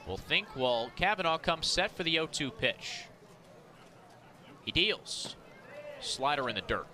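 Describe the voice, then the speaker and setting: Excitable man calling baseball play-by-play. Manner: rapid pitch calls, rising to shouts on big plays. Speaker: play-by-play announcer. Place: outdoor ballpark broadcast booth. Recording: outdoor ballpark crowd behind. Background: ballpark crowd.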